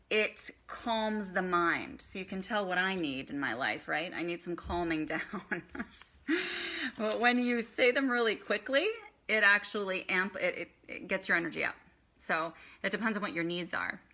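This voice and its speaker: A woman with a bright, forceful tone and a slightly low voice teaches a meditation lesson over a live stream on her phone. She talks in a loose, chatty way and guides slow breathing and chanting. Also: lively intonation.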